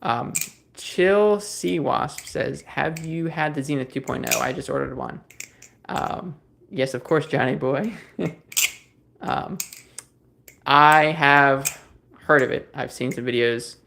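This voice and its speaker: Male streamer, relaxed and rambling, reads and answers chat; voice has a gravelly edge. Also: on the high side, slow pace, a little hiss or hum. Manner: rambling, easygoing, many fillers and restarts. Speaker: livestream host. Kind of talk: casual livestream chat, reading viewer comments.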